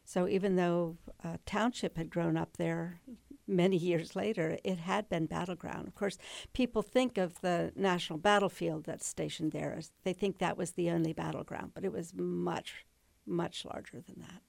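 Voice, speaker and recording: Older woman guest, low gravelly voice, chatty storyteller, dry close mic. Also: fairly even intonation, normal speed, a little mellow, no echo. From Northern Virginia. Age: 60s. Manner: chatty storyteller, laughs often. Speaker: interview guest. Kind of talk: casual interview chat.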